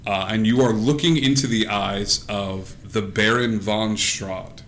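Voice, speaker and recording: A man serves as game master for a live-streamed tabletop game, narrating improvisationally on a streaming mic, rambling with fillers like "uh" and "like" and laughing between lines. His voice is on the low side, steady, measured and fairly bright, with a little hiss or hum.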